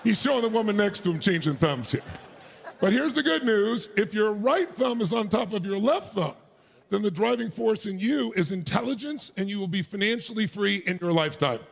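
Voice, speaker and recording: Gravelly, high-voiced man pumping up a crowd. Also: a little fast. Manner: energetic, crowd-pumping, shouting; crude, joking asides. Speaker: motivational speaker. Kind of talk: motivational speech to a live crowd. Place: arena stage.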